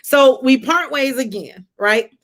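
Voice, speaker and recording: A woman, telling a personal story on a live stream in a conversational, animated way and talking to viewers as y'all. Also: high-pitched, takes it slowly. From Atlanta area, US. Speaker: livestream host. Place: home, during a rainstorm.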